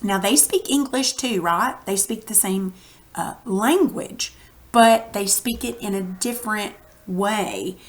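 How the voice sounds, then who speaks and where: A woman's voice: medium pitch, takes it slowly. Texan woman teacher, conversational, walks kids through a reading lesson. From Texas. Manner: friendly explaining, conversational.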